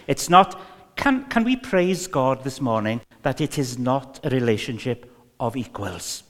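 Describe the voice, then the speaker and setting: Welsh guy preaching real slow, lots of ums, big churchy reverb. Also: medium pitch, expressive. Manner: slow, emphatic, with many fillers and repetitions. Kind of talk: sermon.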